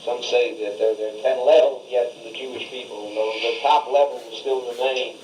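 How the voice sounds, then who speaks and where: An older man, a rabbi, giving a Torah class, who chants Hebrew phrases slowly and then explains them in a conversational tone. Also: medium pitch, fairly even intonation, darkish tone. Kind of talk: Torah lecture, translating Hebrew verses line by line. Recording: roomy recording from a distance with faint hiss.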